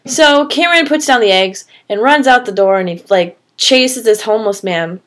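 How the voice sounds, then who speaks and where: A woman's voice: a little high, lively intonation, normal speed, fairly bright tone. A woman casually telling a made-up story, rambling with fillers and swearing.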